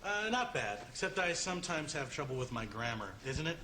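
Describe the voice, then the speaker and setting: A man's voice: fairly high pitch, very animated, brisk, very noisy. An actor playing a cheerful male student in a comedy sketch who keeps botching his question tags. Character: cheerful male student mangling English grammar. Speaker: language learner in a comedy sketch.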